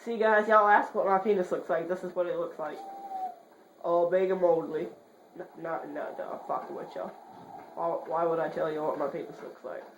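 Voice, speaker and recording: A woman giving horror game commentary, swearing in rapid repeated bursts and joking while muttering quietly between outbursts. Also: lowish voice, fairly even intonation. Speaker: gamer. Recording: roomy echo, faint hiss.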